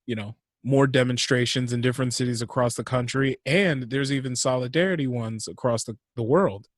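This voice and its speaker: A young adult man talks bluntly on a podcast, swearing freely and giving his opinions straight. His voice sits at an ordinary middle pitch, and the recording is dry and close, with almost no room sound. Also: fairly quick, dry recording. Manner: blunt, profane, frank opinions. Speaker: podcast co-host. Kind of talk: casual podcast chat.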